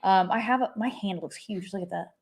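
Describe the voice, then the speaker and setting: A woman's voice: mid-range voice, brisk, vocal fry. A woman co-hosting a casual livestream with a dry, teasing manner. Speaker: co-host.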